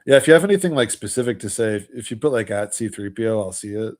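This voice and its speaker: Hoarse low-voiced man livestreaming. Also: animated, fast talker. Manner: rambling, loose step-by-step explaining. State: hoarse, voice almost gone; tired. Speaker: livestream host. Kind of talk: casual livestream commentary.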